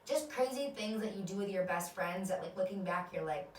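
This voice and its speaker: A woman in her twenties, a podcast host, telling personal stories in a candid, animated way with casual swearing. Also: mid-range voice, fairly quick, reverberant, far from the mic, poor audio. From United States. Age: 20s. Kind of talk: casual storytelling monologue.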